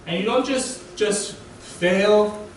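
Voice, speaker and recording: A man's voice: high voice, very slow. A young man giving a casual, conversational sermon as a guest preacher, checking in with listeners by asking "right?". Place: church sanctuary. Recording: echoey hall, distant mic, faint hiss.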